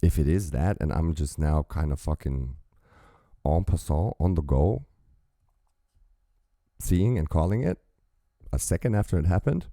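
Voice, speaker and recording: Brief: male reaction host, extremely deep, gravelly, profane casual commentary, dry close sound. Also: lively intonation, dark tone, no room sound. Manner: profane, pauses music to quote and comment.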